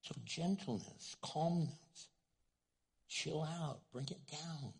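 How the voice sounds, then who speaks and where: An older man, a pastor preaching a sermon, who talks loud and animated and acts out little quotes. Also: fairly high pitch, takes it slowly, gravelly, breathy edge.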